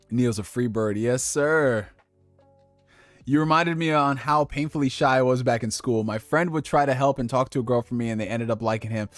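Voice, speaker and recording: A man's voice: medium pitch, a bit bright, dry recording. A young man hosting a casual livestream, giving dating advice in a loose, profane way and laughing at his own slips. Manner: talks directly to viewers with slang.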